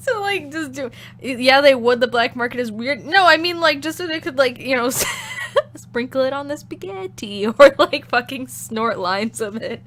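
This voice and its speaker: A woman's voice: high voice, normal speed, a bit bright, a little hiss or hum. A woman streamer chatting casually while playing a game, giggly, crude and rambling. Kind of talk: casual gameplay chat.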